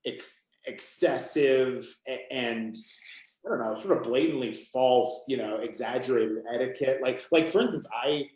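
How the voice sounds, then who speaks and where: A man's voice: medium pitch, unhurried, darkish tone. Rambling man in an echoey room. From Maine. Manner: rambling, full of "you know" and "like". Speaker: author guest. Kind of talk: casual conversation.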